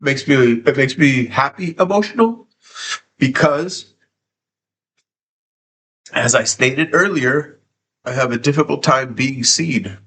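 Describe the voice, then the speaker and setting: A man's voice: medium pitch, takes it slowly, long pauses, fairly bright tone, a little hiss or hum. A man live streaming from home, tearful and sniffly, talking emotionally and repeating himself, with frequent swearing. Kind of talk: casual live stream chat.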